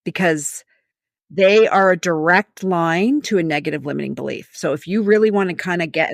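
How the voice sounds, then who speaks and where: A woman's voice: fairly low pitch, dry recording, studio quality. A woman leadership coach, a guest on a podcast, giving advice in an emphatic, story-driven way. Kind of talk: conversational podcast interview.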